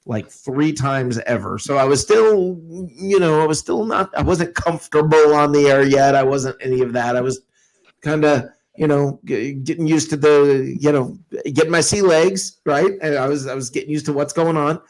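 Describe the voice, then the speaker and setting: A man's voice: on the high side, normal speed, poor audio. A man hosting a casual sports podcast who laughs often and tells rambling stories. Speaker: podcast host.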